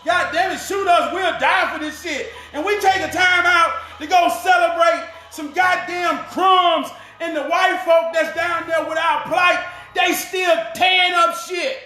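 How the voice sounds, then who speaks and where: A man's voice: very high voice, steady tone, measured pace, hardly any pauses, pushed and bright, roomy sound, raised voice. A man giving a fiery, profane, preaching rant to the camera.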